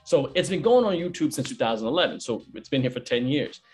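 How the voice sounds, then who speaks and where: A man who hosts events and does comedy, telling stories in a casual chat, animated and full of slang. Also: mid-range voice. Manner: animated storyteller, fast slangy talk.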